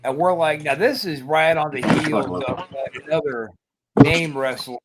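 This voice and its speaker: Profane storytelling man, slightly high voice. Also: a little slow, heavy background noise. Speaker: podcast host. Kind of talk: casual storytelling chat.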